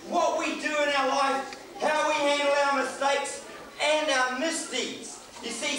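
A man's voice: very high-pitched, bright, forceful tone. A man with a New Zealand accent preaching a sermon in a church, conversational and joking now and then. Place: church hall. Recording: echoey hall, distant mic, faint hiss.

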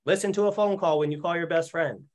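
A male host with a slightly higher-pitched voice who talks with blunt, energetic conviction. He swears casually while giving straight advice. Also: quick pace. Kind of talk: casual coaching conversation.

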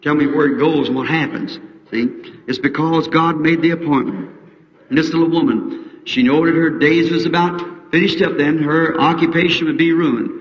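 A middle-aged American man preaching a revival sermon, folksy and fervent, rising to high emotional peaks. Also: fairly even intonation, normal speed, muffled recording. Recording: 1960s archive tape in an echoey hall.

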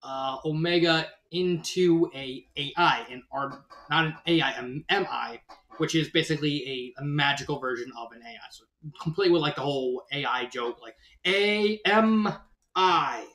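A man's voice: medium pitch, normal speed, a bit bright. Rambling man recapping a story in an echoey room. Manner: rambling, many fillers and restarts; laughs at his own retelling. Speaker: story reviewer. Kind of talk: casual spoken review. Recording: roomy echo.

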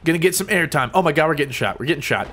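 A man with an American accent giving excitable, giggly let's-play commentary. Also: a little high, racing, slight background noise. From United States. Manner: excitable, giggly, frequent shrieks. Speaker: gaming YouTuber.

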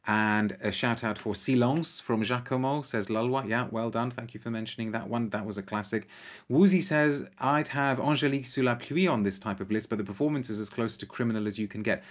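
A man's voice: medium pitch, fairly quick. A man hosting an unscripted live stream, chatting about perfumes and reading out viewer comments, enthusiastic and often repeating words as he thinks aloud.

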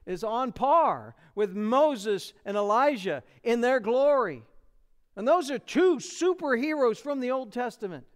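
Male American pastor, high, clear voice; earnest expository sermon. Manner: earnest expository preaching, acting out quotes.

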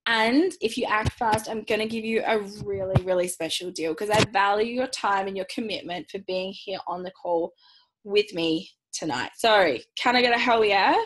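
Bubbly, swearing woman pitching a course. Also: moderate pace, noisy background. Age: young adult. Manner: bubbly, chatty, swears freely, laughs often. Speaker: money coach hosting an online call. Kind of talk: live webinar sales pitch.

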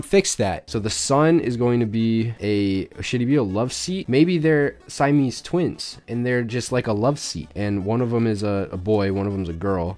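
Rambling sick man doodling on stream. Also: on the low side. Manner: rambling, jokey, talks to chat. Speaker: YouTube drawing creator. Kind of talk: casual drawing commentary.

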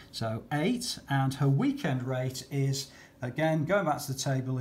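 Guy teaching maths, easygoing, keeps saying okay, middle pitch. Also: darkish tone. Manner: chatty, patient, says okay often. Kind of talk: talking through exam questions.

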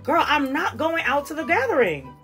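A woman's voice: high voice, wildly swooping pitch, normal speed, a bit bright, faint music behind. A young woman performing short comedy skits with sassy, boastful banter. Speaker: comedy sketch creator.

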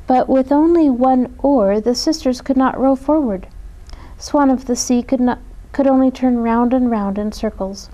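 A woman reads a children's story aloud with gentle, expressive pacing. Her voice is fairly high and warmly mellow. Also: normal speed, low-quality recording.

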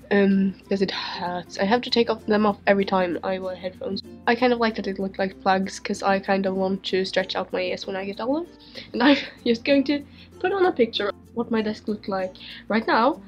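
A young woman from Sweden chats to her camera in her bedroom, rambling, giggling and breaking off her own sentences. Her voice sounds strained and worn. Soft music plays faintly behind her. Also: mid-range voice. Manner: rambling, giggly, self-interrupting. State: strained, fading voice. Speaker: vlogger. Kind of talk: casual chat answering viewer questions.

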